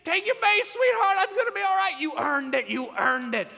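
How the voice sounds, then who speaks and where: Man playing a frantic granny, shrill and hollering, big hall echo. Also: moderate pace, vocal fry, bright, forceful tone, heavily acted. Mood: doting, shrieking. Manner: shrieking, cooing endearments. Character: frantic doting grandmother yelling from the stands. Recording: echoey hall reverb.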